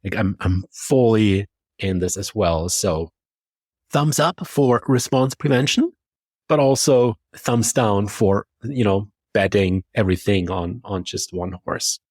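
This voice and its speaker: A man with a German accent, a confidence coach talking as a podcast guest and telling lively stories that act out his own thoughts. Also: lowish voice, unhurried, no room sound. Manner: lively storytelling, acts out quoted thoughts. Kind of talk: conversational podcast discussion.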